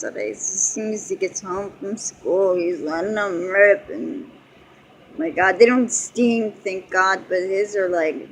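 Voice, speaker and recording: Giggly slow-talking woman vlogger. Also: medium pitch, a little hiss or hum, poor audio. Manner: giggly, rambling, frequent laughter. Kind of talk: casual chat.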